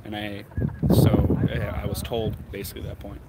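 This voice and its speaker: Guy rambling on a live stream outside, choppy phone audio with loud wind and traffic behind. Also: lowish voice, monotone, moderate pace. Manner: rambling, chatty storytelling. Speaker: vlogger and basketball referee. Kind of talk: casual live-stream chat. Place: outdoors, windy. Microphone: phone on a mobile connection. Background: wind and passing traffic.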